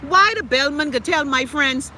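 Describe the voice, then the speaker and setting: A middle-aged Bahamian woman rants bluntly and with plenty of profanity, reading viewer comments on a casual live stream. Her voice is bright and forceful. Faint traffic noise from outdoors sits behind her. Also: high-pitched, moderate pace.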